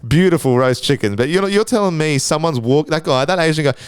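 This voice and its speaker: On his casual solo podcast, this Australian host talks at a quick pace in a clear, resonant voice on the high side, captured as a dry recording. His crude rambling is packed with constant swearing and restarted sentences.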